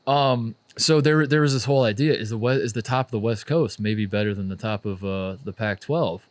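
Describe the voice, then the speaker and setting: A man in his thirties co-hosting a casual sports podcast, joking in a wry, deadpan way and letting lines trail off softly. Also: fairly low pitch, fairly quick, no echo. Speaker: podcast co-host.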